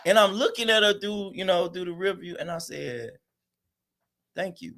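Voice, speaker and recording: Thirties male podcast co-host, animated storyteller, casual and profane. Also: sits high, a little fast. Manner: animated storyteller, acts out quotes, swears.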